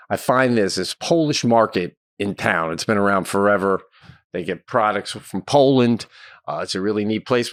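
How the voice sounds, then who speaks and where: A middle-aged man co-hosting a podcast, telling animated comic stories with frequent laughter and loud bursts. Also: on the low side, no room sound, clean studio sound. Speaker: podcast co-host. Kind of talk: casual comedic podcast chat.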